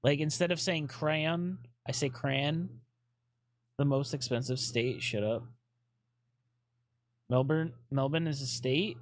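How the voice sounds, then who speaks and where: A man's voice: fairly high pitch, a little slow, no room sound. A man chatting casually on a live stream, rambling with lots of fillers, swearing often and fidgeting restlessly.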